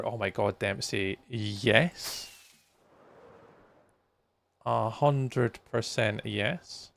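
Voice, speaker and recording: A man's voice: lowish voice, drawn-out words, creaky, long pauses, fairly bright tone. A man chatting with viewers during a live gameplay stream. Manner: chatty, talks to viewers while playing. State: tired, yawning.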